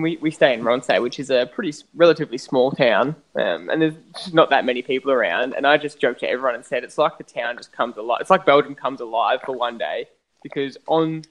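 A man hosting a casual conversation, asking questions and sharing his own experience in a relaxed way. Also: mid-range voice, brisk, poor audio.

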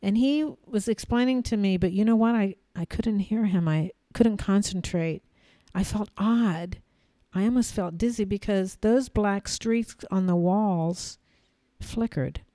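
A woman hosting a podcast, telling a personal story in a measured way, pausing often and repeating phrases for emphasis. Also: medium pitch, warm tone, no echo. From United States. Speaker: podcast host.

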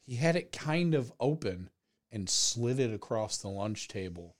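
A man hosting a casual podcast chat, animated and swearing freely. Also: medium pitch, a little slow.

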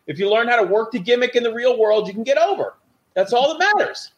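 In dull-sounding audio, a middle-aged former wrestler talks fast in an extremely high-pitched voice, casually telling backstage stories. He's animated and acts out the voices of the people he quotes.

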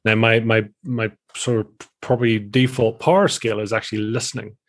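A man's voice: fairly low pitch, little pitch movement, normal speed. A man in his forties with a Northern Irish accent, chatting and rambling as a podcast guest. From Northern Ireland. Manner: chatty, rambling, restarts often. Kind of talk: casual interview chat.

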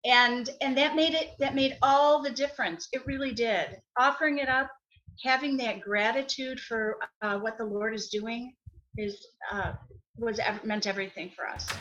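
A middle-aged woman, a podcast guest, answering in a soft-spoken, earnest way with pauses. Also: fairly high pitch, steady tone. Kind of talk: heartfelt interview answers. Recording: dull, muffled audio.

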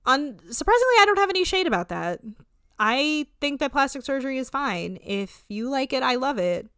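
A woman's voice: high-pitched, very animated, fairly quick, pushed and bright, clean tone, dry recording, studio quality. A woman in her thirties hosting a casual recap podcast, blunt and opinionated, swearing freely and saying "like" a lot. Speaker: podcast host.

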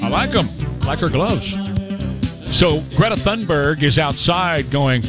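A man's voice: fairly high pitch, expressive, moderate pace, music in the background. A man hosting talk radio, combative and sarcastic in his commentary. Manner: combative and sarcastic, mocking voices of others.

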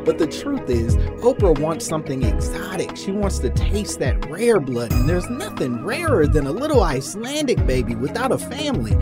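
A man's voice: a little high, very animated, normal speed, hardly any pauses, loud music behind the voice. A man hosting a comedic podcast in casual chat, playful and mock-grandiose, riffing in exaggerated voices. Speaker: podcast host.

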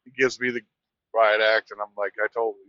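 A man's voice: lowish voice, brisk, no room sound. Trucker guy rambling a road story, lots of restarts, kinda lo-fi. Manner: animated, rambling anecdote with restarts. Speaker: truck driver. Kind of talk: casual storytelling.

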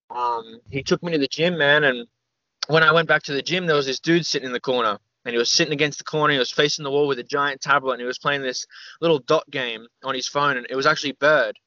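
In a slightly dull, dry recording, a young man guests on a podcast for a casual storytelling interview. His voice is medium-pitched, bright, and forceful. He rambles loosely, leaning heavily on "like" and "man."

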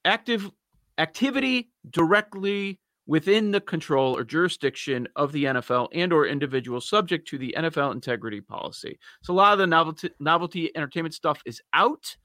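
Bright, dry-sounding man talking sports. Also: fairly high pitch, animated, fairly quick, dry recording. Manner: easygoing, explanatory, laughs often. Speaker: podcast co-host. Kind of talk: casual sports talk.

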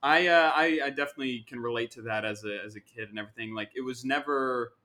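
Eager male podcast host, mid pitch. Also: bright, forceful tone. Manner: enthusiastic, quick affirmations, playful quoting. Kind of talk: casual podcast chat.

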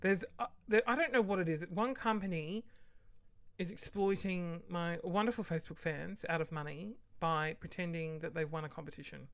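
A woman's voice: on the low side, moderate pace, no room sound. A woman hosting a casual solo podcast, rambling chattily and acting out quoted voices with sudden whispered asides. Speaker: podcast host.

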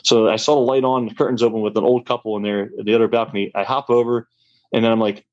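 A man's voice: on the low side, flat delivery, quick pace, dull audio. A young man telling a wild story in a casual, rambling way, full of fillers.

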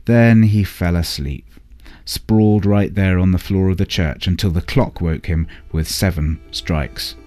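A man narrating a bedtime story in a calm, unhurried way. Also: deep voice, no room sound, faint music behind.

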